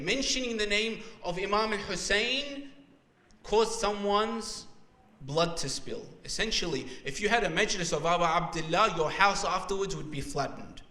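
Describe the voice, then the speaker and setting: A man's voice: high-pitched, sharp tone. A man giving a passionate, emotional sermon at a religious gathering, often restarting his words. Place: large hall at a community religious program. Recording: echoey hall reverb.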